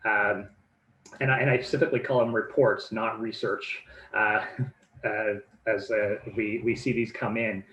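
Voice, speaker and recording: A man's voice: fairly low pitch, fairly even intonation, unhurried, a bit bright, reverberant, poor audio. A man giving an informal presentation, loose in delivery, with many fillers and repeated words.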